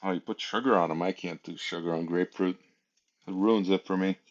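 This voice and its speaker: This livestream host talks fairly quickly in a low-pitched voice with fairly even intonation. His casual chat is loose and rambling, full of laughs and fillers, captured in dull lo-fi sound.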